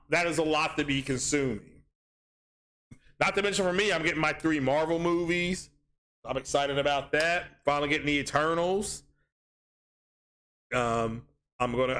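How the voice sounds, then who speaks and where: A man's voice: a little high, fairly bright tone. A man hosting a casual gaming livestream, rambling with many ums and restarts as he reads chat aloud.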